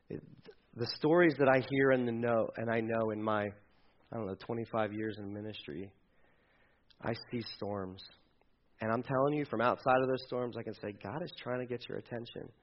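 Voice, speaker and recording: A pastor preaching a sermon with animated storytelling, acting out the quoted lines himself. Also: male voice, medium pitch, muffled recording.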